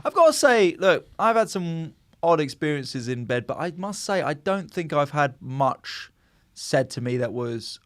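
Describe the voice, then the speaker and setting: Joking man, somewhat high voice. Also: big pitch swings, unhurried, hardly any pauses, fairly bright tone, no room sound. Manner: joking, teasing banter. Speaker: podcast co-host. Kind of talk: casual chat.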